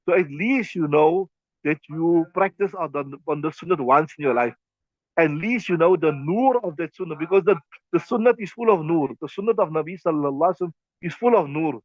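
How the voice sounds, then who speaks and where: A South African man gives a hadith lesson at a rapid clip, his voice set a touch high. He talks conversationally and recites Arabic quickly. The recording is dry and a bit dull. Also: no echo. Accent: South African English. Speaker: mufti teaching a hadith class. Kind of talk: hadith class lecture.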